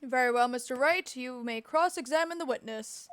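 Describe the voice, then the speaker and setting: A woman voicing a calm, formal older male judge in a courtroom game. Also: sits high, moderate pace, clear, resonant tone.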